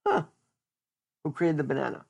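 A man's voice: fairly high pitch, huge pitch swings, moderate pace, creaky, darkish tone, highs cut off. A man hosting a podcast, chatting casually and joking as he thinks aloud, often restarting his words. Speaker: podcast host. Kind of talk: casual solo podcast chat.

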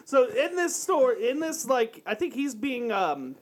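A man's voice: very high voice, very animated, measured pace. A man co-hosting a crude, casual podcast chat, rambling and laughing constantly. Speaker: podcast co-host.

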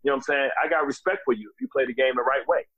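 A man in his forties from the USA, a podcast guest telling profane, animated stories and repeating filler phrases. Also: medium pitch, rapid-fire, breathy edge, no room sound, dull audio. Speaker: guest, former athlete. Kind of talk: animated storytelling.

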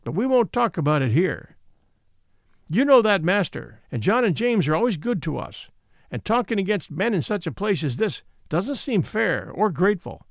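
A man's voice: high voice, big pitch swings, normal speed, vocal fry, no echo, clean studio sound, full character voice. A man doing a wise little pony. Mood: earnest. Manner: earnest, reasonable.

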